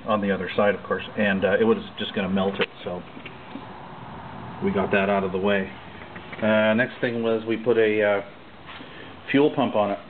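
A man giving a relaxed, hesitant walkthrough of his home mechanic work, with many pauses and fillers. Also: fairly low pitch, slight background noise. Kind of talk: casual walkthrough demo. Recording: tinny phone-like camcorder audio.

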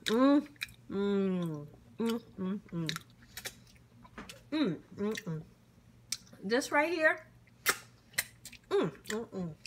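In her casual tasting vlog, a middle-aged cooking vlogger speaks in a mid-range voice, with a touch of hiss or hum in the audio. She responds to every bite with hums, whoops, thankful exclamations and warm, churchy blessings.

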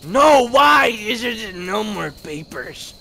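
Male gameplay commentator, high and hoarse, excitable, slang-heavy, with a slight background hiss. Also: slow pace. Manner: excitable, slangy, shouts at scares then mutters. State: hoarse, voice worn from screaming. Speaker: gaming video creator.

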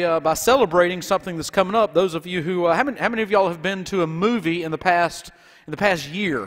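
A man's voice: high voice, fairly bright tone, in a large hall. A man with a Southern accent preaching a folksy, conversational sermon as pastor in a church. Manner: folksy and conversational, with many restarts. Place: church sanctuary.

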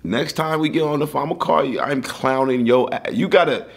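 A man's voice: mid-range voice, a little fast, vocal fry. A man hosting a reaction show who teases his guest and laughs at the story. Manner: laughing, teasing commentary. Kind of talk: casual commentary.

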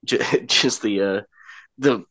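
A man's voice: on the low side, slow, fairly bright tone. A man co-hosting a podcast in casual chat, joking and telling stories with hesitations. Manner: joking, drops into silly voices. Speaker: podcast co-host.

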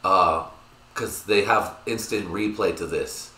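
A man hosting his own podcast, talking in a crude, rambling, excitable way with lots of filler. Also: sits low, takes it slowly. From United States. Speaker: podcast host. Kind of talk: casual solo podcast rant. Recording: echoey room.

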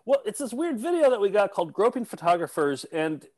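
Jokey deadpan man co-hosting. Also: high voice, fairly quick, no echo, low-quality recording. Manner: jokey, self-mocking, deadpan game-show patter. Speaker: podcast co-host. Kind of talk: casual comedic chat.

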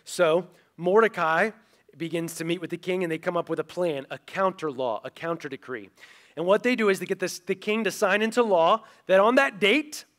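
A male pastor tells a story from the pulpit with a fairly high voice. He is animated and casual, slipping into the voices of the people in the story. His sermon rolls along in storytelling mode. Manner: animated, acts out quoted characters.

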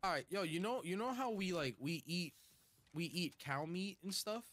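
A man's voice: high-pitched, expressive, moderate pace, a bit bright. A young man hosting a casual gaming chat with friends, crude and joking, laughing often. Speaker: channel host, gamer.

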